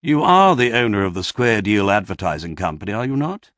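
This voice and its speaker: A man's voice: on the low side, big pitch swings, fairly quick, fairly bright tone, no room sound. A man voicing a dignified, scheming male devil who speaks politely with dry understatement, in a storybook reading. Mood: persuasive.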